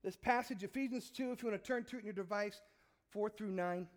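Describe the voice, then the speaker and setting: A man's voice: high voice, fast. A man preaching a sermon, telling stories and acting out the voices in them in a conversational way. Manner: acts out voices in illustrations, conversational. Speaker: pastor.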